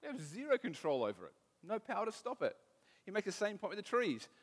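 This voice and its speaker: Aussie guy preaching, kinda high voice, chatty and self-deprecating, hall echo behind him. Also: wildly swooping pitch, fast, breathy edge. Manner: conversational, self-deprecating, restarts often. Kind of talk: sermon with personal stories.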